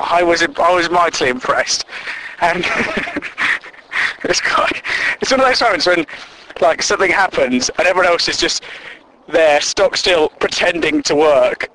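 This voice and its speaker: A man's voice: sits high, very animated, slow pace, pauses often, pushed and bright, a little hiss or hum, low-quality recording. A man, a podcast host telling comic workplace stories and mocking coworkers with silly put-on voices. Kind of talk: comedic solo storytelling.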